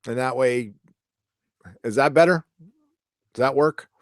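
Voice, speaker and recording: A man's voice: mid-range voice, unhurried, no echo, studio quality. A man hosting a live stream, reading viewer comments in casual, rambling chat and swearing now and then.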